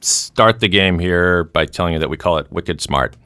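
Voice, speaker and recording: A man's voice: low-pitched, normal speed, over music. A man hosting a podcast, running a quiz game with playful game-show patter. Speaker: podcast host. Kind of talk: casual quiz-game banter.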